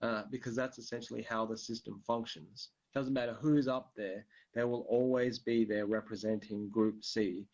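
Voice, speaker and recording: A man's voice: on the low side, fairly even intonation, moderate pace, few pauses, darkish tone. Rambling man on a muffled recording. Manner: rambling, many fillers, occasional swearing. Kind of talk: casual political talk. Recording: dull lo-fi recording.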